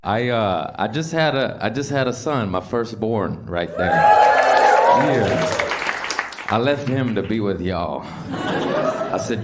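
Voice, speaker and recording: A man's voice: mid-range voice, wildly swooping pitch, takes it slowly, loud music behind the voice. A man doing a brash stand-up set on a comedy club stage. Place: comedy club stage before a live audience. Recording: loud laughing crowd, noisy club.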